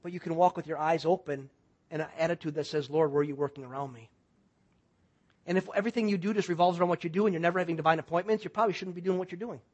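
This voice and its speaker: Rapid-fire and on the high side, a middle-aged male pastor's sermon tells a story that alternates between loud, excited passages and hushed, intense moments.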